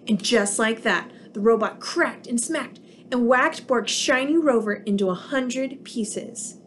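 A woman who teaches preschool, reading a picture book aloud to young children with expressive storytelling. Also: fairly high pitch, unhurried, a little hiss or hum.

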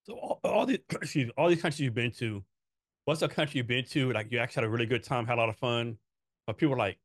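A man's voice: medium pitch, fast, no room sound, clean studio sound. A man hosting a podcast, asking loose questions with fillers and joking asides. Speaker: podcast host. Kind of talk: casual interview conversation.

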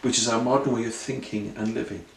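A man's voice: medium pitch, fairly even intonation, fast, gravelly, a little hiss or hum. A man preaching an earnest sermon full of rhetorical questions and repeated phrases. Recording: roomy sound, voice from a distance.

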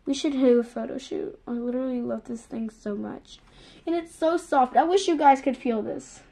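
Gushing high-voiced young woman. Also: moderate pace, creaky. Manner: gushing, excitable, repeats "literally" and "so excited". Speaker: vlogger. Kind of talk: casual unboxing vlog.

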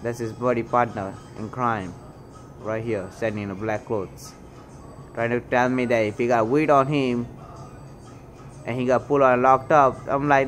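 A man's voice: medium pitch, steady tone, normal speed, long pauses, a bit bright, faint music behind. A store cashier, a man, narrating security footage with heated, indignant commentary and name-calling. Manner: indignant, heated, calls people names. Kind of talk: angry commentary over video.

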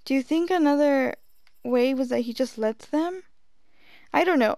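A young woman giving excitable let's-play commentary, gasping and repeating herself. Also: high voice, moderate pace, dry recording, clean studio sound. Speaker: gaming streamer.

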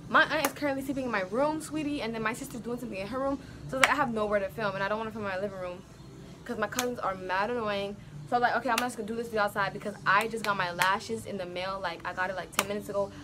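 Chatty excitable woman vlogging outdoors. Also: medium pitch, fast talker. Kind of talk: casual vlog chat. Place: outdoors at home. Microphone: phone camera. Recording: clear outdoor background noise. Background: neighbors' music, outdoor ambience.

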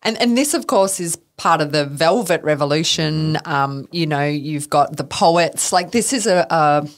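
A woman's voice: deep voice, a little slow. A woman with an Australian accent hosting a podcast, asking questions in an engaged way. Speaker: podcast host. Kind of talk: interview questions.

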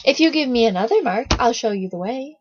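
A woman's voice: a little high, lively intonation, fairly quick, background noise, natural voice. A woman reading the lines of a cheeky, scheming village boy in a children's story, teasing and haggling. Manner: teasing, bargaining. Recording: dull lo-fi recording.

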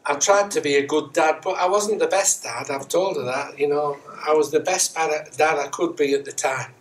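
A middle-aged man preaches a Sunday sermon in a church, his voice sitting a little high for a man. He speaks conversationally, teasing himself with gentle humour and driving his points home with repeated rhetorical questions. The sound comes from a distant microphone with a faint hiss underneath. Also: normal speed. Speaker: Methodist minister. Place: church sanctuary, indoors.

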